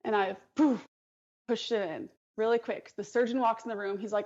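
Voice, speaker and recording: A woman who is an emergency nurse, a guest in a casual interview, telling an animated story and acting out the dialogue. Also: medium pitch, normal speed, dull audio.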